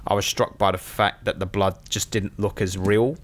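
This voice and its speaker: A man with a British accent, co-hosting a casual film review podcast, talking in an animated way with lots of swearing and restarts. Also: lowish voice, moderate pace. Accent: British English. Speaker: podcast co-host.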